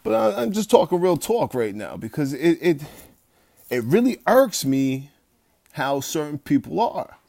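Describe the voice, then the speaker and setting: A fitness coach talking bluntly and profanely from home at night, rambling with restarts and turning loud and heated as he rants. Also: a little high, big pitch swings, a little slow, vocal fry, dry recording. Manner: gets loud and heated when ranting. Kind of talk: late-night livestream pep talk.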